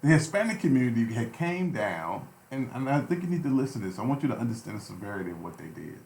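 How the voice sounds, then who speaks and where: A man's voice: medium pitch, sing-song, quick pace, darkish tone, roomy sound. A man co-hosting a heated talk radio discussion, impassioned and preachy, repeating phrases for emphasis. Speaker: radio show co-host.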